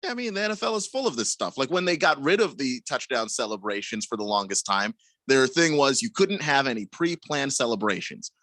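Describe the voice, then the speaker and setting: A man co-hosting a casual sports talk radio show, arguing his points in quick, opinionated bursts. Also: medium pitch, animated, fairly bright tone, no echo.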